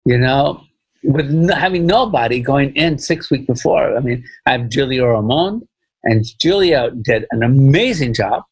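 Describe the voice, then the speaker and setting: A husky-voiced man speaks in a mid-range pitch as a director guest on a casual podcast interview. He rambles, circles back and repeats his phrases, and fills gaps with "you know." The sound is dry and close, with no room around it. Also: no echo, rough recording.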